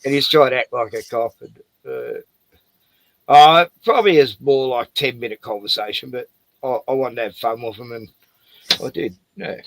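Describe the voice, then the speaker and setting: A man's voice: mid-range voice, moderate pace, no room sound. A man with an Australian accent hosting a casual chat, telling blunt, profane stories. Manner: blunt, swearing storyteller. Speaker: host.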